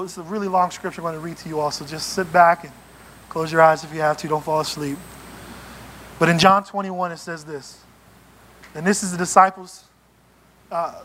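A man preaching a sermon in a church, animated and playful, acting out little scenes as he goes. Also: a little high, a little fast, pauses often, a little hiss or hum. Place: church sanctuary.

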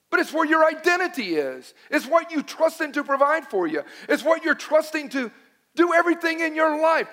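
A middle-aged man preaching a sermon, telling a personal story dramatically, dropping to a hush and rising to shouts. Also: very high voice, expressive, brisk. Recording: long reverb of a large hall.

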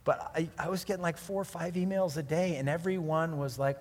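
A man's voice: fairly high pitch, brisk. A man preaching a sermon in an earnest, conversational way that rises to emphatic peaks. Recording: long hall reverb.

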